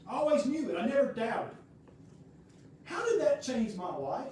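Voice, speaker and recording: A man's voice: very high voice, big pitch swings, moderate pace, a little mellow, recorded from a distance, a little hiss or hum. A male pastor, telling a personal story in a folksy, rambling, conversational sermon. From United States. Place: church sanctuary. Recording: very echoey room heard from afar.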